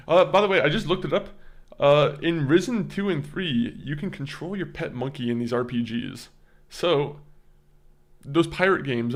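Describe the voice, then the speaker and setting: Rambling, laughing male gaming streamer. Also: medium pitch. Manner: rambling, laughing, stumbling over words. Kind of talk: casual chat with stream viewers.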